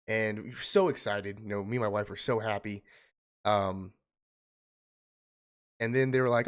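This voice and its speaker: A young man streaming from home, telling an emotional personal story in a halting way, holding back tears. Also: mid-range voice, expressive, fairly bright tone. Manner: halting, restarting, choked up.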